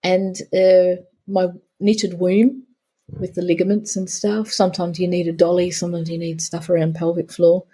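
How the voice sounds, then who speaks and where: A woman's voice: lowish voice, flat delivery, moderate pace, warm tone, husky. A middle-aged woman, a guest on a podcast interview, telling stories about her work and acting out her talks with clients. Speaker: guest, pelvic therapist.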